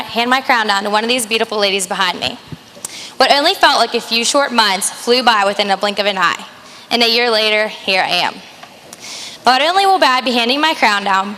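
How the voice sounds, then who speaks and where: A young woman reads her farewell speech as the retiring county fair queen, earnest and holding back tears. Her voice is crisp and bright and sits a little high. It carries over a long, echoing public address system. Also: a little hiss or hum. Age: young adult. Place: outdoor fair stage with PA system.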